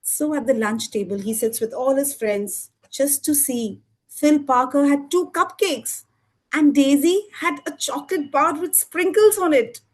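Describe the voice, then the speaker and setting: A woman telling a lively children's story at a storytelling evening, with expressive voices and sound effects. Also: sits high, a little slow. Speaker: storytelling student. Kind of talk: live storytelling performance for children.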